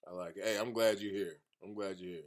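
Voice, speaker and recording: A man's voice: low voice, steady tone, fast talker. A man hosting a casual radio talk show, boisterous and joking, repeating his phrases as he introduces guests.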